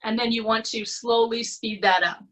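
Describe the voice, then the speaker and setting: Canadian woman, coach on a video call, bright tone with some huskiness, friendly and conversational, keeps checking in. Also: fairly high pitch, steady tone, normal speed, rough recording. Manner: encouraging, conversational, with frequent "okay?" check-ins. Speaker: presentation skills coach. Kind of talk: online workshop talk. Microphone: computer mic on a video call.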